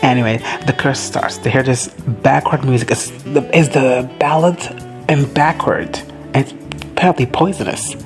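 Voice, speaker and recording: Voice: mid-range voice, fairly even intonation, moderate pace, over music. A host giving a casual, profane reaction recap, gushing and quoting characters in playful asides.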